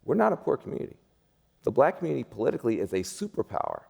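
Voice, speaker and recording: A man's voice: medium pitch, huge pitch swings, rapid-fire, creaky, warm tone, husky. A man speaking as a panel guest, emphatic and rousing, repeating his points like a preacher. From United States. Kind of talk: panel discussion.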